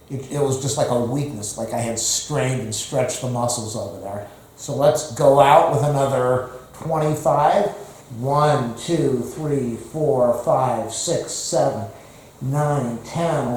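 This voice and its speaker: A man's voice: mid-range voice, darkish tone, a little hiss or hum. A man who is out of breath, counting exercise reps aloud between groans and rambling asides to the camera. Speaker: fitness vlogger. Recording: very echoey room.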